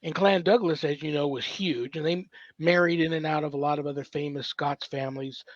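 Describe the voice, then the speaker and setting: Guy hosting a podcast, chatty and rambly, kinda high voice, muffled dry sound. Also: fairly even intonation, a little fast, dry recording. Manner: rambling and chatty, with many fillers. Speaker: podcast host. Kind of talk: casual podcast interview. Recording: dull, dry podcast recording.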